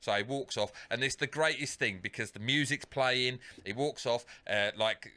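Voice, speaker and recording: A man's voice: mid-range voice, normal speed, sharp tone. A man co-hosting a podcast, retelling a film scene in casual, sweary chat full of fillers. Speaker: podcast co-host.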